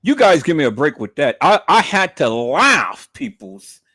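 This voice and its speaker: Give me a slow-talking man with a lively pitch, ranting and mocking on a livestream. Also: slightly rough, dry recording, studio quality. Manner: profane, mocking, repetitive. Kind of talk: livestream rant.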